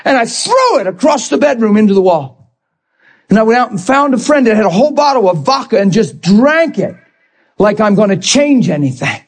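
A man preaching a sermon as a pastor, moving between calm talk and emotional shouting. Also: high-pitched, moderate pace.

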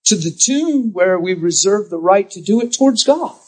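A man's voice: high-pitched, lively intonation, normal speed, darkish tone, breathy edge. A man preaching a sermon, telling stories in an emphatic, direct way. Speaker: pastor.

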